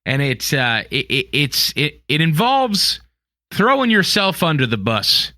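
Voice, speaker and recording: A man co-hosts a casual chat and works through his thoughts haltingly, repeating words as he goes. His voice is bright and forward, and the recording is dry and close. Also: on the high side, very animated, no room sound. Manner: hesitant, restarts often, wry. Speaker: podcast co-host.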